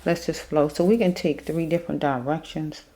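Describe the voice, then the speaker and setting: A woman giving a casual tarot reading, thinking aloud with pauses, chewing a mint as she talks. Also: low voice, steady tone, dark tone. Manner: chewing a mint while talking. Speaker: tarot reader.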